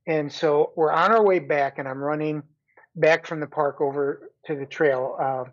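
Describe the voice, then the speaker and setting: A middle-aged man, a guest, telling a long story in a relaxed chat with frequent restarts. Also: on the high side, moderate pace. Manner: chatty, many restarts and laughing asides. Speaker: guest runner. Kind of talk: casual storytelling. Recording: dull lo-fi sound.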